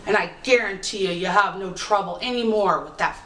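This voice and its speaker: A woman voicing an old village cunning woman who gives slow, knowing instructions, recorded from a distance in an echoey room. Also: mid-range voice, fairly bright tone, voice pushed down, close to an everyday voice. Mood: grim. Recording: roomy, distant mic.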